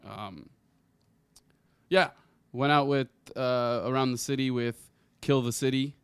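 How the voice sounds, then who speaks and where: A young man co-hosting a casual podcast, talking in a laid-back way with plenty of ums and quick reactions. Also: medium pitch, clean tone, no room sound. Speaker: podcast co-host.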